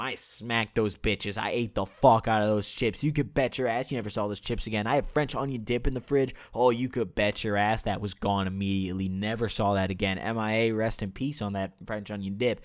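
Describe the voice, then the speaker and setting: Young man telling a profane, rambling story. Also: lowish voice. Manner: profane, rambling with many fillers; animated, with swings in loudness. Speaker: vlogger. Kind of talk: casual storytime.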